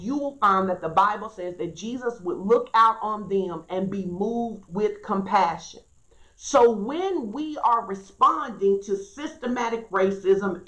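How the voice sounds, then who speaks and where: A woman's voice: medium pitch, a bit bright. A woman pastor preaching an earnest, emphatic sermon and reading scripture aloud. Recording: echoey room.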